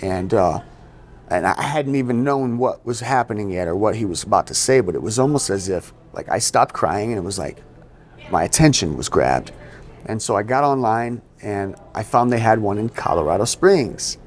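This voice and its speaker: Over slight background noise, a man with a lowish, animated voice speaks at a moderate pace as a guest on an interview show. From the US East Coast, he describes his life in easygoing conversation, sprinkling in "you know" and acting out quotations.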